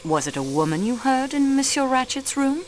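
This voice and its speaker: A composed female investigator with a French accent for a mystery game. She questions politely and formally, her pitch rising and falling widely. Her tone stays even and measured. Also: a little hiss or hum. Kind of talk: video game voice acting.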